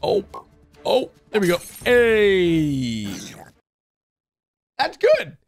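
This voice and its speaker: An excitable man reacts out loud, exclaiming and urging characters on. His voice sits a little high and swings widely in pitch. Clear background music plays beneath him throughout. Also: drawn-out words. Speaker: reaction video host. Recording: music playing under the voice.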